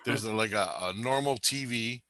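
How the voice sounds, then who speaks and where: A man's voice: medium pitch, normal speed, fairly bright tone, no echo. A man telling a rambling, profane story in casual chat, laughing often.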